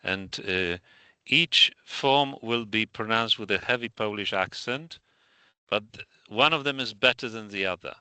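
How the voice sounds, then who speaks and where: Bright, crisp-toned male lecturer. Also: on the low side, a little slow, no room sound. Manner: methodical, precise. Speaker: lecturer running a pronunciation test. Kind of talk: instructional explanation. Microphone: video call.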